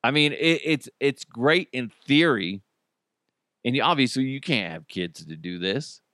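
A male podcast host gives casual news commentary, blunt and profane, often laughing. His pitch moves lively while his pace stays unhurried. The sound is dry and close. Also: no echo.

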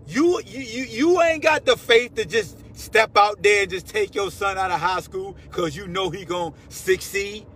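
A man's voice: high-pitched, pushed and bright. A man hosting a sports talk show, ranting and interrupting in a fiery, slangy way. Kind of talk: heated sports talk rant.

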